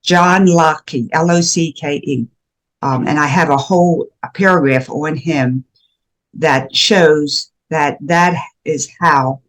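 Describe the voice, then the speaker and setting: A woman's voice: sits low, steady tone, slow pace. An older woman who is a guest educator, talking in an earnest, emphatic way with frequent restarts during a conversational interview. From USA. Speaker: guest, shame and guilt educator.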